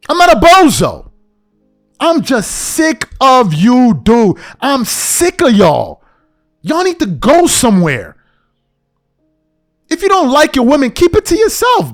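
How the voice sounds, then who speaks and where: A man's voice: very high voice, big pitch swings, unhurried, long pauses, soft background music. A man hosting a podcast, venting in a heated, repetitive, emphatic rant straight to the audience. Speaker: podcast host.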